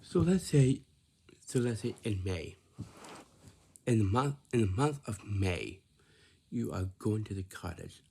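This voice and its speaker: A man's voice: fairly low pitch, expressive, measured pace, gravelly, long pauses, mellow, a little hiss or hum. A man giving a repetitive, lecturing instructional talk, often checking in with "right?".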